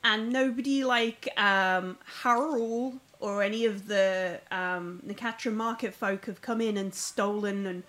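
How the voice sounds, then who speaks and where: A woman's voice: mid-range voice, fairly even intonation, a little slow, few pauses, fairly bright tone, rough recording. A woman narrating a tabletop game as game master, rambling with lots of fillers and restarts.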